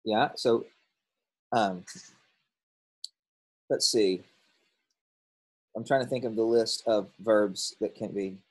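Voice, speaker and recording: A man's voice: fairly low pitch, fairly even intonation, takes it slowly, pauses often, a little mellow, husky, low-quality recording. A man teaching a grammar lesson, explaining in a casual way with ums and self-corrections. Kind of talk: recorded classroom lesson.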